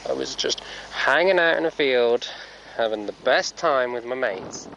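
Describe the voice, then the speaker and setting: A man voicing his young male horse, who talks back in a high, whiny, cheeky way and complains about having to work. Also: lively intonation, a little slow, a bit bright, a little hiss or hum, low-quality recording. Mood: cheeky complaining.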